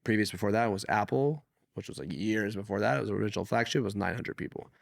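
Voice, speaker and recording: Gravelly low-voiced man telling stories. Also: fast, dry recording, studio quality. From Canada. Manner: animated, swears freely, acts out quoted people. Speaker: podcast guest, entrepreneur. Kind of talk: casual conversational storytelling.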